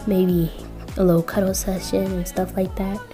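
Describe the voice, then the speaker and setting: Woman voicing a soft-spoken young witch girl, affectionate, giggly, mellow tone, faint music behind. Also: mid-range voice, level tone, a little slow, natural voice.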